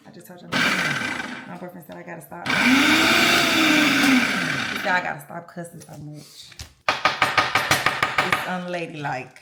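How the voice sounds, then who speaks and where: A woman's voice: on the low side, fairly even intonation, measured pace, vocal fry, long pauses, very noisy. A young woman vlogging in a loose, chatty and informal way, talking straight to her viewers. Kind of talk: casual vlog chat to camera.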